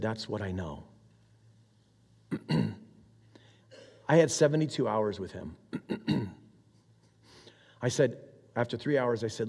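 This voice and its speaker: A man, a military chaplain, preaching a sermon as a conversational story, acting out both sides of a dialogue and often clearing his throat. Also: fairly low pitch, darkish tone. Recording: long hall reverb.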